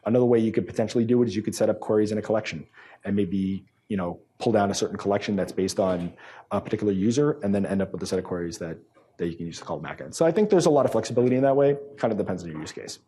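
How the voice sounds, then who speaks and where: A man from New England speaks at a conference in a low, dark voice with a slightly husky edge. He talks loosely, with lots of fillers and restarts as he answers questions. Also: rapid-fire. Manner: casual, many fillers and restarts. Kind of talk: conference talk with Q&A. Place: conference room.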